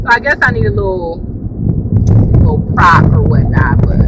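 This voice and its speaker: A woman with a high voice rambling casually through a TV episode review while driving in her car, often saying "y'all". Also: normal speed, long pauses, very noisy. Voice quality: high voice, especially when excited. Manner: chatty and rambling, laughs often, says "y'all".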